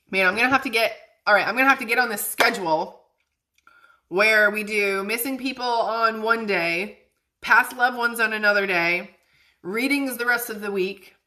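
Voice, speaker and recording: Bubbly, bright-voiced woman livestreaming. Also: fairly high pitch, normal speed. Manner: bubbly, chatty, laughs often. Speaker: psychic medium livestream host. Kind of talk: casual livestream chat.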